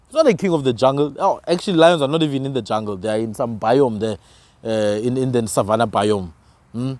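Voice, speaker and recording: A man's voice: medium pitch, fairly quick, darkish tone, dry recording. A man from Africa, arguing his views with emphatic rhetorical questions in a passionate podcast conversation. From South Africa.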